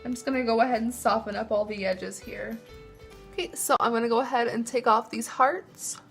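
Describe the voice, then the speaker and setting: A woman's voice: a little high, brisk, vocal fry, fairly bright tone, soft background music. A young woman chatting casually through a makeup tutorial, bubbly and loose, saying "like" often. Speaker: beauty vlogger.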